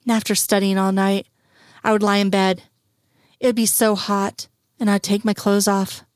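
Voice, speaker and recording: A confident young woman speaks with a hushed, teasing intimacy, voiced by a woman reading the story. The tone stays close and assured. The recording is dry. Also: medium pitch, little pitch movement, moderate pace, no echo, lightly acted. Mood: intimate.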